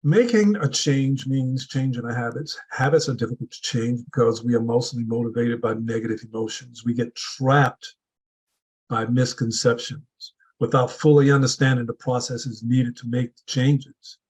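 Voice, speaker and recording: Husky-voiced man giving a motivational speech. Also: medium pitch, normal speed, low-quality recording. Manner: earnest, builds with repeated rhetorical questions. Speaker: speaker at a public speaking club meeting.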